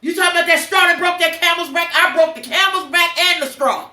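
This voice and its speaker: A woman's voice: very high voice, expressive, fairly quick, few pauses, pushed and bright, reverberant, recorded from a distance. An older woman hosting a podcast, telling blunt, preachy personal stories with cursing. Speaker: podcast host. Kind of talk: emotional personal monologue.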